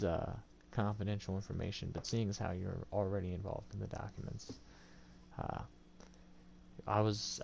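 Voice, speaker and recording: A man voicing a calm adult male ninja mentor in a tabletop game, explaining things steadily with frequent ums and uhs. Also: fairly low pitch, creaky, slight background noise.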